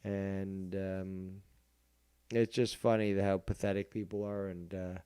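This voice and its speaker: A man's voice: low-pitched, flat delivery, slow, warm tone, clear, resonant tone. A man hosting a commentary show, ranting in a crude, profane and mocking way, rambling with many fillers. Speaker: show host.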